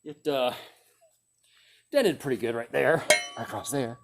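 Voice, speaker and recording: A man's voice: medium pitch, unhurried, gravelly. A man hosting his own video, casually talking through a test-cutting demonstration, thinking aloud and chuckling as he goes. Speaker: video host demonstrating weapons. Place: outdoors or in a workshop during a test-cutting session.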